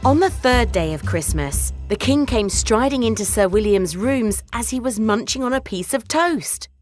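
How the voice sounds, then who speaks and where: A woman narrating a scripted children's story in an animated storytelling manner. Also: a little high, normal speed, faint music behind.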